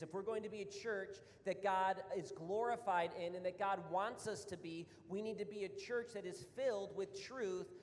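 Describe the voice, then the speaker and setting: A man's voice: high voice, a little mellow, slight background noise. A man preaching a sermon as a pastor, reading scripture aloud and then explaining it in an earnest, emphatic way, a little out of breath. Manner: earnest, rising to emphatic repetition. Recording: long reverb of a hall.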